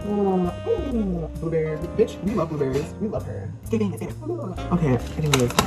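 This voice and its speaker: A fairly low-voiced woman jokes and swears her way through a home cooking vlog, her pitch leaping all over. She keeps her voice half-hushed. Music plays steadily behind her. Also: expressive, a little fast. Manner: crude, profane and playful, half-hushed. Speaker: vlogger. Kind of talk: casual comedic cooking vlog.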